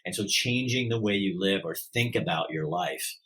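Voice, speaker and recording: A middle-aged man, a podcast guest, telling his story in an animated way and acting out the dialogue. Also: sits low, moderate pace, rough recording. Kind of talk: storytelling in an interview.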